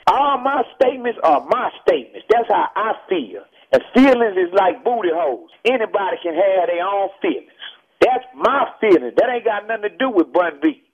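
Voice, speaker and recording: Calling in from Texas as a guest on a heated radio interview, a man with a Southern Texan accent speaks emphatically at a moderate pace. His high-pitched, animated voice sounds tinny over the telephone, and he preaches a bit while repeating "man" again and again.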